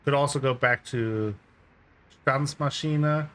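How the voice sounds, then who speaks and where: A man's voice: medium pitch, slow, a bit bright. A man giving casual gameplay commentary as a let's-play host, with dry, muttered asides. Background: game music.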